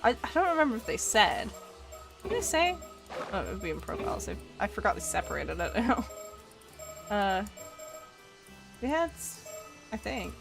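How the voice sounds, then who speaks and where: A woman's voice: medium pitch, very animated, moderate pace, vocal fry, pauses often, over music. A woman streaming a game, chatting casually in a rambling, giggly way as she plays. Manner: rambling, giggly, self-correcting. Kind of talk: casual gameplay commentary.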